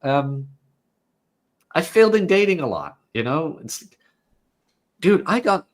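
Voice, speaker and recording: A man's voice: on the high side, sing-song, takes it slowly. A man from the Netherlands, a guest coach, telling self-mocking stories in casual chat with swearing and laughter.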